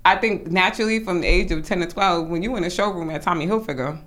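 A young adult woman in casual chat, a fashion designer talking in a laid-back, slangy way that turns animated when she tells stories. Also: lowish voice, fast talker.

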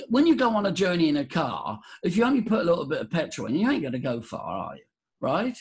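A man on a podcast, guiding listeners through breathing as a voice coach. He talks in a theatrical, animated way with a somewhat high voice. His pitch swoops widely for emphasis. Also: fast. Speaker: voice coach guest.

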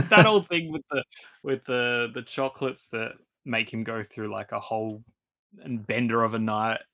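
A man's voice: medium pitch, normal speed. Chuckling man in casual film chat. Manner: laughs often, trails off quieter mid-thought. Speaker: podcast co-host.

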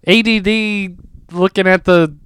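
A man in a casual chat, teasing his guest with quick wisecracks. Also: high voice, steady tone, fairly bright tone, smooth, no echo. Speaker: comedian, co-host.

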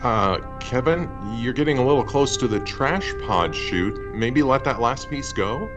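A man's voice: mid-range voice, animated, unhurried, music in the background. A man co-hosting a podcast, moving between a comedy skit and a guest interview with dry, pedantic asides. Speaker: podcast co-host.

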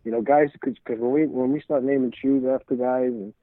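A man's voice: mid-range voice, steady tone, fairly quick, dry recording. Man telling a rambling story over a thin line. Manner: rambling, repeats words, acts out quoted dialogue. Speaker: interview guest. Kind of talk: casual storytelling. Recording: tinny phone-like audio.

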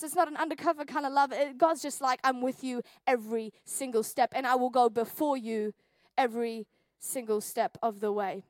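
A high-voiced New Zealand woman in her 20s, a youth pastor, preaches a sermon built around a personal story in a church hall. She's an animated, jokey storyteller who acts out scenes, and there's no room sound.

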